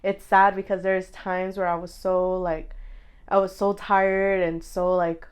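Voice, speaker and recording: A young woman co-hosting a podcast, talking candidly in a casual chat, full of "like" fillers and quick quoted asides. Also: fairly low pitch, level tone, smooth. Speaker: podcast co-host.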